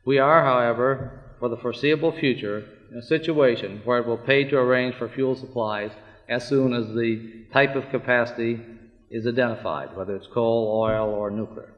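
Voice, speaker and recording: A man delivers a formal, deliberate conference talk in a mid-range voice. The archive recording is dull and muffled, with a long hall reverb around him. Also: medium pitch, steady tone. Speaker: conference speaker.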